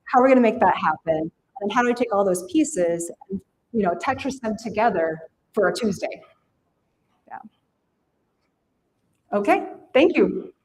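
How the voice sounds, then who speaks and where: A woman's voice: medium pitch, lively intonation, moderate pace, long pauses, a little mellow, slight background noise, low-quality recording. A woman speaker answering audience questions at a morning event, chatty, full of "um" and "right?". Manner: chatty, filler-heavy with frequent "right?" and "um". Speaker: featured speaker. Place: event venue.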